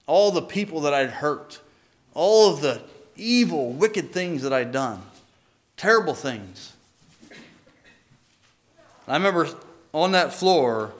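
A man telling his personal faith testimony in an earnest, halting way, often restarting his sentences. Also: medium pitch.

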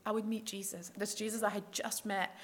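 A woman shares her faith testimony, telling the story in an animated way. She acts out each character's words and drops to a hushed whisper at tender points. Her voice sits in a middle pitch. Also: a little fast. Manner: lively storyteller who acts out quoted dialogue.

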